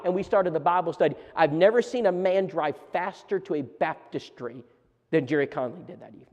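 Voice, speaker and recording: Animated preacher man in an echoing hall. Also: a little high, fast. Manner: animated storytelling with many restarts. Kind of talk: storytelling seminar talk. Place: church auditorium. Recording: long church hall reverb.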